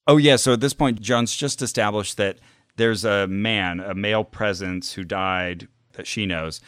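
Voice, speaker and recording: A man's voice: fairly low pitch, measured pace, fairly bright tone, clear, resonant tone, no room sound, clean studio sound. A man casually recounting a story on a podcast, acting out the quotes. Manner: recounts events, acts out quotes. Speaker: podcast co-host.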